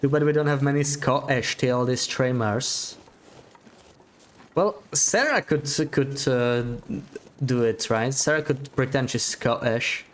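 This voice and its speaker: A man's voice: medium pitch, slow. A man giving live gameplay commentary as a streamer, chatting to his viewers, thinking aloud and laughing often.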